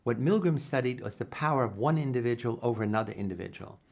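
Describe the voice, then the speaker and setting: Older male psychologist, gravelly voice, earnest storyteller with lively quoted dialogue. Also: medium pitch, quick pace. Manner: earnest, animated retelling with acted-out quotes and many restarts. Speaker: psychologist interviewee. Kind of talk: reflective interview storytelling.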